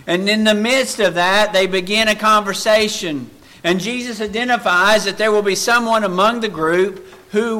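A male preacher delivers a sermon at a slow, deliberate pace. His voice sits a bit high and rings bright and forceful. He swings between loud, raised passages and hushed, quiet ones.

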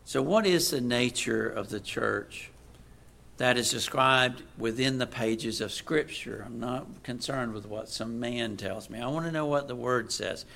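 A man preaching a sermon, moving from quiet asides to loud, emphatic readings of scripture. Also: mid-range voice, unhurried, creaky.

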